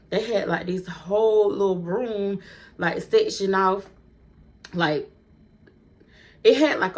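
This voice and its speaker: This vlogger, a woman whose voice sits slightly low, addresses her audience head-on while recounting a storytime. Her delivery is animated and talkative, sprinkled with swearing and frequent laughter.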